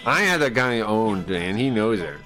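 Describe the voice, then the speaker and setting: A man's voice: lowish voice, big pitch swings, normal speed, bright, forceful tone, faint music behind, low-quality recording. A man on a live stream ranting casually. He swears a lot, sounds aggrieved and rambles with restarts.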